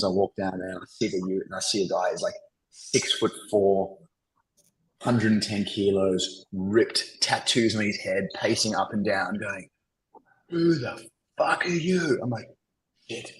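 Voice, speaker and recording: A man's voice: lowish voice, little pitch movement, normal speed, slight background noise, rough recording. An Australian man telling business anecdotes as a podcast guest, rambling along with lots of "you know" and "like". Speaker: podcast guest, agency founder. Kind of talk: casual interview storytelling.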